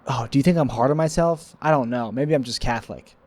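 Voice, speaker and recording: A man's voice: medium pitch, fast, a little mellow. A man rambling sleepily to the camera in a solo vlog, goofy and self-mocking, playing with silly wordplay. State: sleepy, yawning. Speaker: vlogger.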